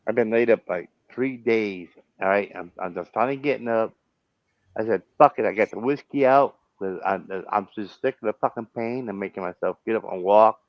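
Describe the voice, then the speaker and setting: A man's voice: lowish voice, moderate pace, no room sound. American man, blunt and profane, been drinking, dry muffled lo-fi audio. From United States. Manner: blunt, profane, talks over others. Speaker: stream host. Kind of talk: heated casual argument. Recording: dull dry lo-fi sound.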